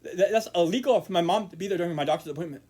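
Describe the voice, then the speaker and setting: A man vlogging in a casual monologue to camera, rambling with repeated words and restarts, murmuring quiet asides. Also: sits high, rapid-fire, slightly rough.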